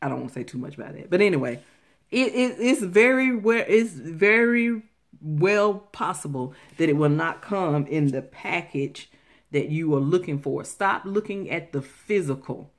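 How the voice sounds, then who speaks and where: A woman's voice: lowish voice, animated, normal speed. A woman giving earnest, Bible-based relationship advice to her viewers, talking to them directly and repeating phrases for emphasis. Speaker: faith-based relationship vlogger.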